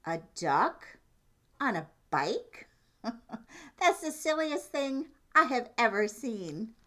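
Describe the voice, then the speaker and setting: A woman voicing an amused, skeptical cow in a storybook read-aloud, drawing out her words slowly. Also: on the high side, big pitch swings, sharp tone, voice pushed up, full character voice.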